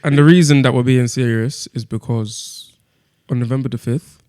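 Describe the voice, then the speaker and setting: A young man hosts a casual podcast chat and presses his co-hosts with steady, persistent questions. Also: mid-range voice, moderate pace. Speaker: podcast host leading discussion.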